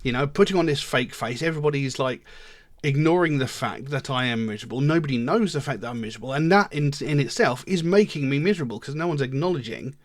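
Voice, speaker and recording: A man's voice: mid-range voice, animated, fast talker, no room sound, clean studio sound. A man giving casual spoken commentary on a song, earnest and emphatic, rambling at times and swearing bluntly. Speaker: music reaction video host.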